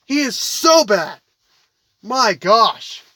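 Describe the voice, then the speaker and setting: A man co-hosting a casual sports podcast, blunt and quick to argue. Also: high-pitched, very animated, bright, forceful tone, no room sound. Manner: blunt, argumentative. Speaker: podcast co-host.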